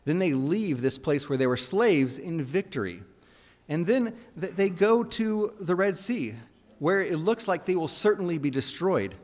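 A man's voice: sits high, sing-song, unhurried, darkish tone. A man preaching a sermon in an earnest, conversational way, often restarting his phrases. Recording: long reverb of a hall.

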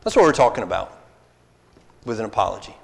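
A man's voice: lowish voice, big pitch swings, fast talker, vocal fry. Earnest preacher man in a reverberant hall. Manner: earnest, pleading, acts out quoted apologies. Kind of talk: sermon. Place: church hall. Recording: long reverb of a church hall.

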